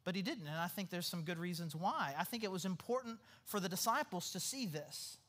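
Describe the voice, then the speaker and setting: A man in the role of pastor, preaching a sermon in a relaxed, conversational way and acting out quotes in a casual voice. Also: sits high, fairly quick.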